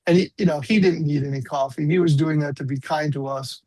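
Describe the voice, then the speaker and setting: A man's voice: fairly high pitch, steady tone, fast, hardly any pauses, dark tone, no room sound, rough recording. A man in his sixties, a guest musician, telling rambling, self-deprecating stories in a casual interview.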